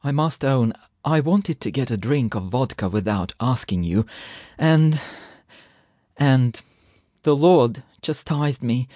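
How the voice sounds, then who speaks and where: A man's voice: mid-range voice, expressive, slow pace, warm tone, dry recording, clean studio sound. A man voicing a frightened man who moans and stammers breathlessly, begging for help. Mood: moaning, pleading. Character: panicked, pleading frightened man.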